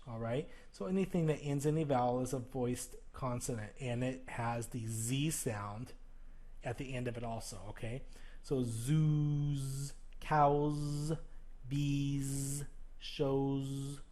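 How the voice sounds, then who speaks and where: A man with a medium-pitched, darkish voice explains plural sounds at a moderate pace. Teaching by video, he speaks directly to the viewer, checks in with "okay?", and exaggerates the sounds he models, all while flipping through a textbook.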